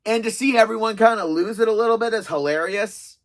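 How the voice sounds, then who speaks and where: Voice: mid-range voice, fairly quick. A reviewer in their thirties talking through a countdown of favourite TV episodes in a casual, rambling way, full of self-aware sarcasm. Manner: chatty, self-described sarcastic, rambling with restarts. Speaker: video reviewer.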